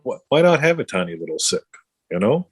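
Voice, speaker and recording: A middle-aged man, co-hosting a casual chat, blunt and swearing freely as he tells animated stories. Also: medium pitch, a little fast, breathy edge, no room sound. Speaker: podcast co-host.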